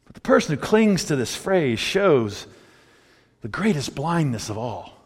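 A man's voice: on the high side, very animated, a little slow, breathy edge, long reverb tail. A man preaching a sermon, who laughs often and acts out the people he quotes in mocking voices. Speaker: pastor.

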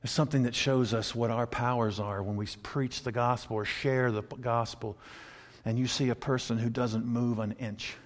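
A pastor preaching a sermon, animated and chuckling between points as he acts out quotes. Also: medium pitch, moderate pace. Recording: long hall reverb.

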